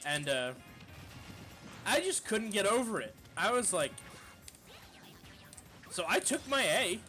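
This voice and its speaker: A man streamer telling a casual, profane story in an animated way, full of fillers. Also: high voice, slow, soft background music.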